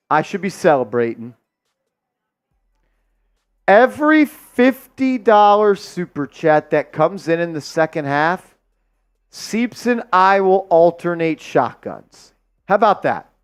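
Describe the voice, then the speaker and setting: A man hosting a live sports watch-party stream, hyped and loud as he shouts out viewers' donations and calls the game. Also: sits high, very animated, slow, pauses often, smooth.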